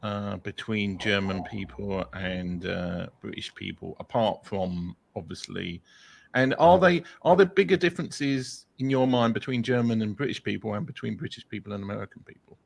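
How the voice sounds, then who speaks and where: A man's voice: fairly low pitch, normal speed, creaky. A male co-host asking questions in a loose, hesitant way with many fillers. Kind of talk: casual interview chat.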